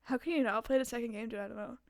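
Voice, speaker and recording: Giggly high-voiced woman streamer. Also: rapid-fire, dry recording. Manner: giggly, swears a lot, animated. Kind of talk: casual gaming commentary.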